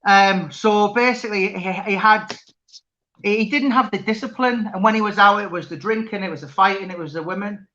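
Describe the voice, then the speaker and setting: A man's voice: high voice, a little fast, bright, forceful tone, muffled recording, slight background noise. A man chatting casually as interviewer, rambling with many restarts. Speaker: interviewer and author. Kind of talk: casual chat.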